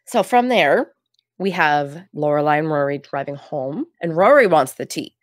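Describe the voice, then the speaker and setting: A woman co-hosting a casual podcast, animated and giggly as she recaps a TV episode. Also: low voice, moderate pace, dry recording, clean studio sound. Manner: animated, giggly, quotes lines in put-on voices. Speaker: podcast co-host. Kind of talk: casual chat.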